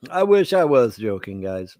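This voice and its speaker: A man's voice: on the low side, very animated, slow, dark tone, no echo. A man hosting a live-stream commentary, rambling and sarcastic with crude language, on a close desk mic. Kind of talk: casual ranting commentary.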